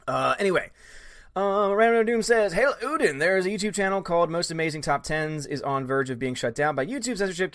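A young man hosting a live stream, chatting casually and reading out viewer comments in a rambling, animated way. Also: fairly high pitch. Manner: rambling, animated, frequent restarts and laughs.

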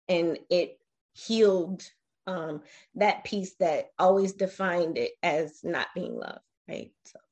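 A woman in her forties, with a voice on the low side, tells her personal story as an interview guest. She is reflective and emotional, pausing often and using fillers.

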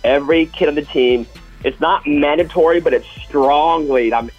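A man's voice: fairly high pitch, fairly quick, muffled recording, soft background music. A man co-hosting a casual sports talk show, telling stories with enthusiasm. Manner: enthusiastic, storytelling. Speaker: co-host.

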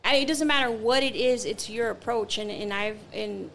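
Telling a personal story in casual chat, a woman with a creaky, somewhat high voice speaks at a normal pace, animatedly acting out quotes and using plenty of fillers. There's slight background noise.

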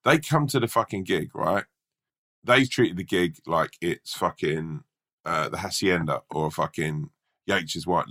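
Man, very low voice, gravelly, bright edge, rambling sweary storyteller. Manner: swears a lot, rambling anecdotes. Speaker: stand-up comedian and podcast co-host. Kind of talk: casual storytelling chat.

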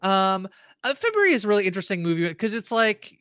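A man co-hosting a podcast, chatting casually about movies, rambling and quick to laugh. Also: sits high, big pitch swings, pushed and bright, smooth, no echo, clean studio sound. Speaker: podcast co-host.

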